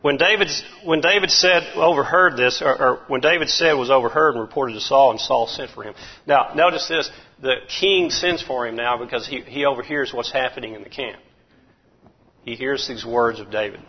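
A man preaching a folksy, animated sermon, chuckling as he goes. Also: medium pitch, normal speed, slightly rough. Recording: muffled lo-fi recording.

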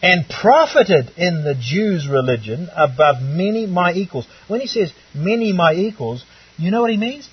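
A man's voice: high voice, expressive, normal speed, slightly rough, no room sound, distant mic, dull audio. A man preaching a sermon on a Bible passage, from outside the United States, emphatic and full of rhetorical questions.

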